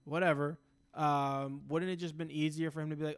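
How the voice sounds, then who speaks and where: A fairly quick, smooth male voice, pitched on the high side with a flat delivery. He co-hosts a podcast, reading the news aloud and chatting bluntly, joking and swearing freely.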